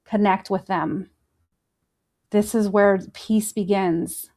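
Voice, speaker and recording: In a slow, medium-pitched voice with fairly even intonation, a woman hosting a faith-based motivational podcast encourages her listeners earnestly. She speaks straight to them and gently leads them through breathing exercises.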